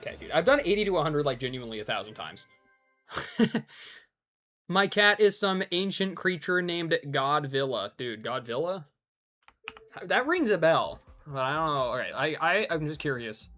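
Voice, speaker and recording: A man's voice: on the high side, very animated, normal speed, bright, forceful tone, faint music behind. A man streaming a hard game live, talking casually with an exasperated, rambling and joking manner.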